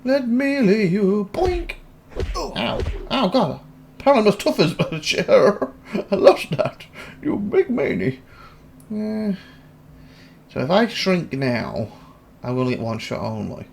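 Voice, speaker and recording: Excitable gamer, gravelly voice, faint hiss behind, casual commentary. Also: male voice, fairly high pitch, unhurried, long pauses. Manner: excitable, laughs and shouts at wins and losses. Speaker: gaming YouTuber.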